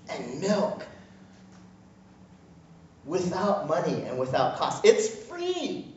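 Pastor guy preaching, high voice, slow and lively, sounds far off in a big echoey church, kinda muffled. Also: slight background noise. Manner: animated, jokey, acts out voices of God and people. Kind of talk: sermon. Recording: distant, echoey, muffled hall mic.

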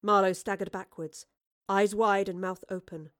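A woman's voice: medium pitch, fairly even intonation, normal speed, a bit bright. Woman narrating a storybook.

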